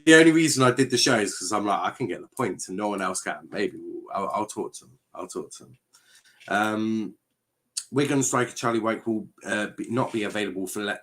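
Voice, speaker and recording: Male football-show host, lowish voice, casual and rambling, heavy on fillers. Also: fairly bright tone. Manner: rambling, reads viewer comments aloud; hesitant, lots of fillers and restarts. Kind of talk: casual live-stream chat.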